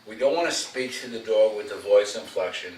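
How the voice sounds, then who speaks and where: A man with a lowish voice gives blunt, coaching advice as a dog trainer. He sounds set back from the mic in an echoey room, with a faint hiss underneath. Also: fairly quick, darkish tone. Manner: direct, coaching, repeats "okay?" for emphasis. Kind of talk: casual instruction at a home visit. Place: home room. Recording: roomy, distant camera mic, faint noise.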